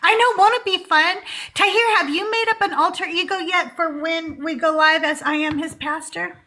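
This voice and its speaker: A woman's voice: extremely high pitch, fairly even intonation, moderate pace, sharp tone. A woman in her forties hosting a live call-in show, chatting casually and laughing often between many fillers. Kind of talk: casual livestream chat.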